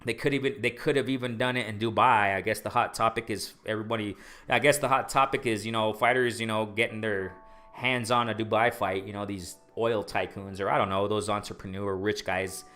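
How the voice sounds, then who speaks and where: A man's voice: on the low side, steady tone, a little fast, sharp tone, soft background music. A man hosting a casual boxing live stream, rambling with many restarts and repeated words, often adding "you know what I'm saying", "man" and "bro". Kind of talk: casual live-stream chat, reading viewer comments.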